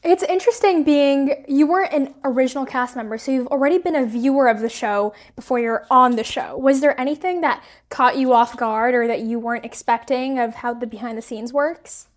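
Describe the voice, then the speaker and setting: A woman's voice: high voice, brisk, few pauses. A woman interviewing a guest in casual chat, asking curious questions and reacting with short laughs.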